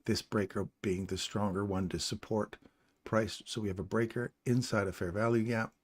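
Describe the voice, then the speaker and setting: A man's voice: on the low side, fairly even intonation, normal speed, husky. A middle-aged man from England, hosting a live trading stream, talking casually through the chart, thinking aloud and joking with viewers in chat. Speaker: livestream trader and channel host.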